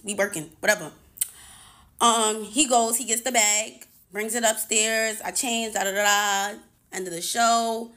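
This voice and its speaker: Animated woman telling a story. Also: mid-range voice. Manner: animated retelling, acts out her own and others' lines, swears freely. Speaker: touring music artist telling a story. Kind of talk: casual storytime vlog.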